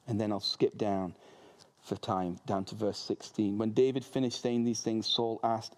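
Animated preacher. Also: male voice, lowish voice, measured pace. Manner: animated, humorous storytelling. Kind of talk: sermon.

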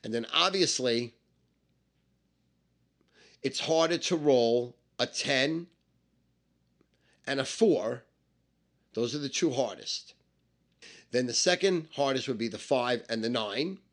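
A man telling a story about his own past in an animated, emphatic way, with lots of swearing and repetition. He explains things step by step and repeats the numbers. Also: medium pitch, takes it slowly, pauses often. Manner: emphatic and profane, with many repetitions.

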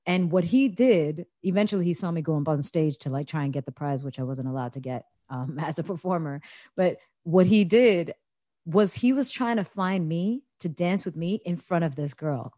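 An American woman with a low, dark-toned voice recounts a party prank in relaxed conversation. The sound is dry and close, with no room around her. She laughs often and slips into the voices of the people in her story. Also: moderate pace, dry recording. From United States. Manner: animated, laughing, acts out quoted voices. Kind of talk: casual storytelling chat.

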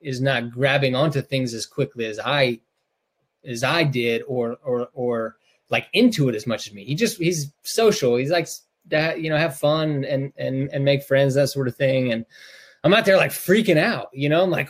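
A man's voice: medium pitch, moderate pace. A middle-aged man from North Carolina chats on a podcast in a mid-range voice. He is openly emotional and rambles, stumbling over restarts and fillers as he tells his story. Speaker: podcast co-host, parent. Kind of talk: casual podcast chat.

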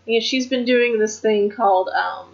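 A woman's voice: a little high, moderate pace. Female co-host, casual frank chatter with cursing, lo-fi podcast sound. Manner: frank, profane, trails off and restarts. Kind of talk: casual chat about wrestling. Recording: dull lo-fi podcast audio.

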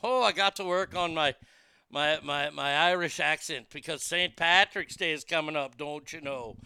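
A man's voice: on the high side, moderate pace, vocal fry, pushed and bright, clean tone, dry recording, heavily acted. A man voicing a mock stage Irishman from the 1800s, with an exaggerated put-on brogue and indignant manner.

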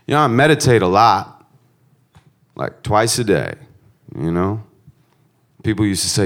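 A male stand-up comedian with a lively, bouncing delivery. He drops into hushed, thoughtful asides, then swells into loud, profane punchlines. His delivery stays loose, chatty and built around stories. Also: on the low side, moderate pace, long pauses. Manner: shifts between hushed reflective musing and loud punchlines; profane, conversational storytelling.

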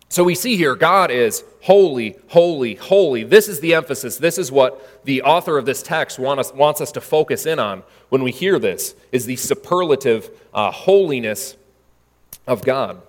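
A man's voice: mid-range voice, in a large hall. A man preaching a sermon in a conversational way, with frequent fillers and restarts. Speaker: pastor.

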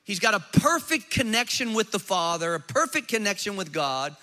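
A male pastor delivering a sermon in a high, bright voice. He mixes playful jokes with emphatic, challenging rhetorical questions to his listeners. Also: sing-song, normal speed, soft background music.

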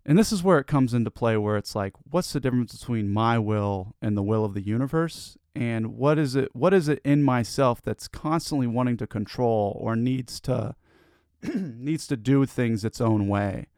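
A man speaking in a candid personal monologue, halting and repeating himself as he searches for words, swearing now and then. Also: medium pitch, a little mellow, no echo, clean studio sound.

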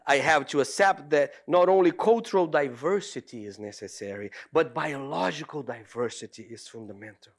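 A middle-aged man, a theology professor, giving a reflective lecture with personal stories, in an earnest, halting way full of restarts. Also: mid-range voice, a bit bright.

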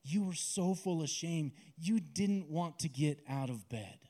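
A man preaching a sermon and guiding listeners through a visualization, with a slow, intimate, dramatic delivery. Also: fairly high pitch, animated, mellow.

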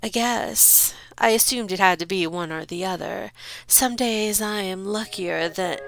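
A woman voicing a scheming noble count who speaks in a smooth, measured, condescending way. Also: mid-range voice, fairly bright tone, poor audio.

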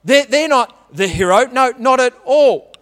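A man's voice: extremely high pitch, lively intonation, unhurried, a bit bright, pitched above the performer's own voice, exaggerated voice. A man voicing an eager young boy. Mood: insistent. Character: excited young boy in a nativity play.

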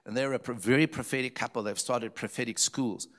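A man from Zimbabwe preaching to a congregation, telling stories from the pulpit. He leans on key phrases and repeats them for emphasis, in a voice of middling pitch for a man. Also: fairly even intonation, fairly quick, fairly bright tone. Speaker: pastor. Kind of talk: storytelling sermon.

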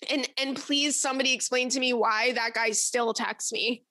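A young woman hosts a podcast in a loose, chatty style, telling stories bluntly with plenty of swearing. Her voice sits a little high and has a bright, forceful edge. The recording is dry and close, with almost no room sound. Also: moderate pace, no echo. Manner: blunt, profane and animated. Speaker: podcast host. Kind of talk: casual storytelling chat.

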